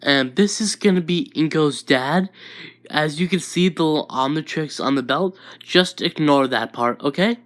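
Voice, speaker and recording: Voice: medium pitch, moderate pace. A casual narrator telling a fan-made story, rambling and talking to viewers.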